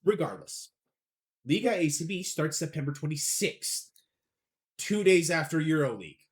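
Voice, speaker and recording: Young guy cohosting a sports pod, kinda high voice, rambly and chatty, laughs at himself. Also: sing-song, normal speed. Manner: chatty, rambling, self-deprecating about pronunciation. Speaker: podcast co-host. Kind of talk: casual sports podcast chat.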